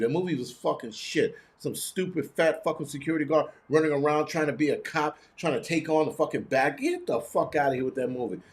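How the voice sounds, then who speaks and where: A middle-aged man hosting a live stream, ranting with heavy profanity and sarcasm while answering chat. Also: a little high. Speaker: host.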